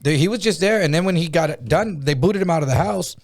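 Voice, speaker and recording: A middle-aged man from Texas telling profane stories in casual podcast banter, acting out the people he quotes. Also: fairly high pitch. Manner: fast, profane storytelling with acted-out quotes.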